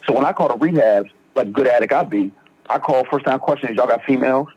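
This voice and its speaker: A young Philadelphia, Pennsylvania man shares his recovery story on a podcast interview and performs the quoted lines as he tells it. He speaks fairly quickly at medium pitch with a breathy edge, in dull lo-fi audio.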